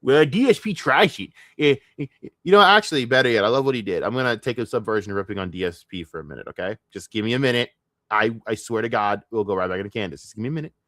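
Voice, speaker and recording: A man streaming, reacting to clips with profane, mocking rants, swinging between loud outbursts and low muttering. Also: animated, fast, no room sound, studio quality. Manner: shifts between shouting and muttering.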